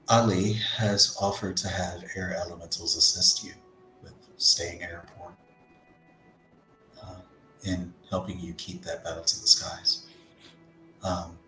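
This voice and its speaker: A man's voice: deep voice, bright, forceful tone. A man playing a tabletop game, earnestly arguing a plan with many hesitations. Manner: earnest, hesitant with many ums, reasoning aloud. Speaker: player. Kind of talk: in-character argument in a tabletop game. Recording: echoey room with music behind.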